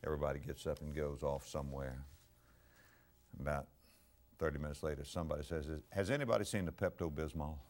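This middle-aged pastor has a steady bass voice, talks fairly quickly and pauses often. His sermon features stories with acted-out voices, alternating quiet asides with loud outbursts.

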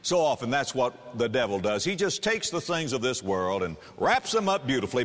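A man preaching a sermon, emphatic and animated, slowing down for scripture and speeding up to press a point. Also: mid-range voice, in a large hall.

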